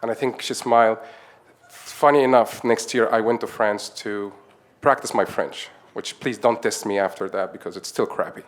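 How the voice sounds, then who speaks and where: A low-voiced man from Egypt, founder of a nonprofit, tells his conference presentation through anecdotes at a moderate pace with fairly even intonation. Chatty and quick to chuckle, he performs the quoted dialogue in other people's voices.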